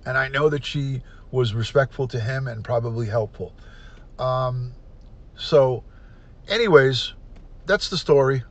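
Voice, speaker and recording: A man's voice: medium pitch, a little slow, pauses often. A middle-aged man hosts a casual livestream, greeting viewers by name and place and giving blunt opinions. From United States. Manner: reads out viewer comments and greets them by place. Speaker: livestream host.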